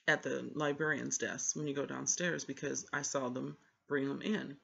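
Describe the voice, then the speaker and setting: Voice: medium pitch, steady tone, moderate pace, gravelly, fairly bright tone, slightly rough, muffled recording, heavily acted. A vlogger doing a laid-back, know-it-all cop. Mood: confident.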